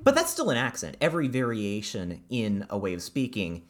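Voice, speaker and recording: A woman's voice: rumbling low, wildly swooping pitch, moderate pace. A woman from Columbus co-hosting a podcast, explaining things thoughtfully in casual talk with small hesitations. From Columbus, Ohio. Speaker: podcast co-host. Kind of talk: casual chat.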